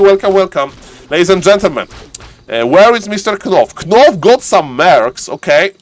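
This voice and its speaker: A man giving live game commentary as the caster, excitable and laughing often, repeating set phrases. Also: high voice, normal speed. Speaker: esports caster.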